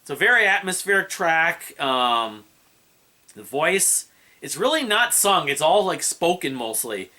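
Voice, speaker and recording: Bright-voiced man rambling through an album review. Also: fairly high pitch, sing-song, unhurried. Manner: rambling, hesitant, many fillers and restarts; hums and scats melodies.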